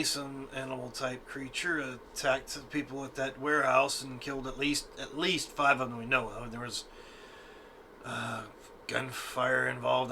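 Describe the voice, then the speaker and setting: Bright voiced guy playing an rpg, jokey and chatty. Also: mid-range voice, a little hiss or hum. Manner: laughing, joking. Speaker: tabletop game player. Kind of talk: casual chat.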